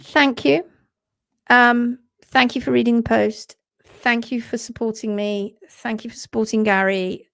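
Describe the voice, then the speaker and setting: A woman's voice: fairly high pitch, little pitch movement, a little slow, vocal fry, a bit bright, dry recording, studio quality. A woman co-hosting a podcast in casual live chat, passionate, often reading out viewer comments. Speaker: podcast co-host.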